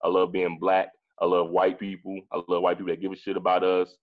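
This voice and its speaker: A low-pitched man in his forties speaks as a guest in a casual discussion, emphatic and blunt, swearing freely and circling back over his own phrases. The recording sounds dull and lo-fi. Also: monotone, brisk. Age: 40s. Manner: emphatic, profane, repeats himself.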